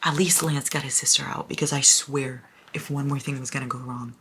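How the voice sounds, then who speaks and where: A young woman talking excitedly in a casual reading vlog, gushing and swearing as she reacts to a book. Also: very deep voice, brisk, hardly any pauses, slight background noise. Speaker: book vlogger.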